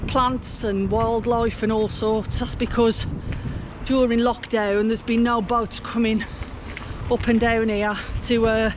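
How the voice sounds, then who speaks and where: Chatty Black Country woman outdoors. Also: a little high. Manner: jokey, down-to-earth banter. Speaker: vlog presenter. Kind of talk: chatty outdoor vlog commentary. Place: outdoors on a canal towpath. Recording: outdoor noise on the mic.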